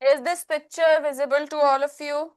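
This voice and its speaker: High-voiced Indian teacher on a video call. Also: female voice, flat delivery, fairly quick. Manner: patient, explains in simple repetitions, mixes in Hindi. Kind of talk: online class teaching.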